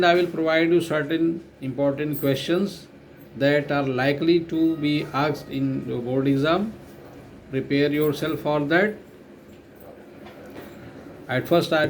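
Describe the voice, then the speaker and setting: Indian male English teacher, slow and deliberate, a little high-pitched, spells words aloud and repeats lines for note-taking. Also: a little mellow, slight background noise. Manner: spells out words letter by letter and glosses their meanings. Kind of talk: slow classroom lecture retelling a story.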